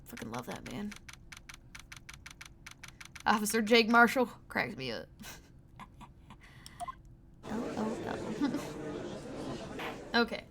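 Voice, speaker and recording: A woman's voice: fairly high pitch, very animated, takes it slowly, gravelly, long pauses, background noise. A woman streaming a game, chatting casually and swearing freely between lines. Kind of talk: casual gaming stream chat. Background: game music.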